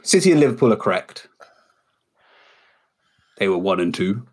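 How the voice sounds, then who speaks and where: A man's voice: fairly low pitch, sing-song, moderate pace, a little mellow, husky. A man hosting a casual football podcast, running the segments and quizzing his co-hosts. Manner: runs the segments, reads out lists, quizzes the others. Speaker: podcast host.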